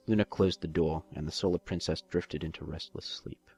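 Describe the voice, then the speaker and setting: A man's voice: low-pitched, steady tone, normal speed, darkish tone, husky, soft background music. A man reading a fan fiction story aloud as narrator. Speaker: story reader.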